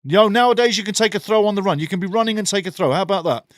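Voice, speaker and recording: A man hosting a live match watchalong, calling the play and answering chat in an animated, opinionated way. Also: rapid-fire, no echo, studio quality. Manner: animated, opinionated, swings from excited calls to low asides. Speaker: watchalong host commentating a match.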